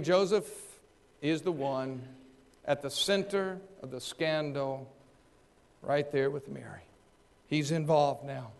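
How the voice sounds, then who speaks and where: A man preaching a sermon, acting out the people in the story and swinging between loud and soft. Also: high-pitched. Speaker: pastor.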